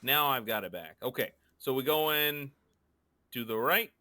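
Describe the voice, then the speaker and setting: A man's voice: mid-range voice, lively intonation, measured pace, bright, forceful tone, no echo, clean studio sound. A man running a tabletop game session as game master, in a playful, teasing and sing-song way.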